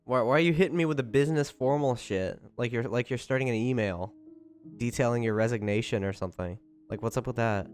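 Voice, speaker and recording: During a loose, casual live-stream chat, a young man greets members of his chat by name, then suddenly gets louder to thank a supporter with excitement. He speaks fast in a mid-pitched voice over faint music, while recovering from a cold.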